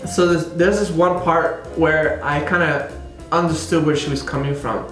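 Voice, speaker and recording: A man's voice: on the high side, steady tone, normal speed, a bit bright. Rambling man reviewing a show. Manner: rambling, with many "like" and "you know" fillers. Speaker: theater reviewer. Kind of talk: casual spoken review. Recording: roomy echo, faint music behind.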